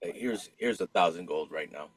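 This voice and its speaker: Man, tabletop player, very deep voice, dry close sound, blunt deadpan. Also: normal speed, husky, no echo. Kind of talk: playing a tabletop game in character.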